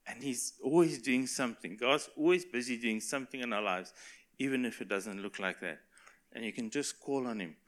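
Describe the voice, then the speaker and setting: A man's voice: mid-range voice, sharp tone. A man preaching a sermon to a congregation in an earnest, encouraging way, with self-corrections and small laughs.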